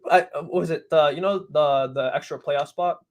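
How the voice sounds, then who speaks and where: A man's voice: a little high, normal speed. A man guesting on a sports podcast, chatting animatedly, laughing and repeating himself as he talks. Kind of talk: casual sports chat.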